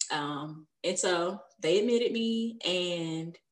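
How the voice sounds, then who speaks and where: A woman's voice: on the low side, takes it slowly. A young adult woman telling a personal story in casual conversation, chatty and laughing often between sentences.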